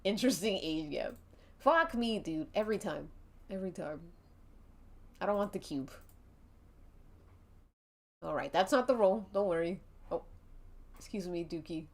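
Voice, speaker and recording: A woman's voice: fairly low pitch, expressive, unhurried, long pauses. A young adult woman streaming and narrating an interactive mystery game, giggling often and swearing casually.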